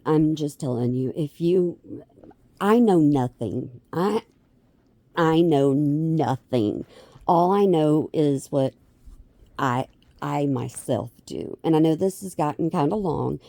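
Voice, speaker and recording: A woman's voice: deep voice, dark tone, dry recording. A middle-aged woman, rambling through a casual vlog with many restarts and self-deprecating asides. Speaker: vlogger.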